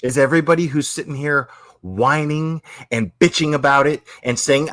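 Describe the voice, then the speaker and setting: A man on his own stream, profanely ranting and calling out other creators, slow and emphatic. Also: on the high side, fairly bright tone, no room sound, studio quality. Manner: profane, repetitive, confrontational. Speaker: YouTube creator. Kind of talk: angry livestream rant.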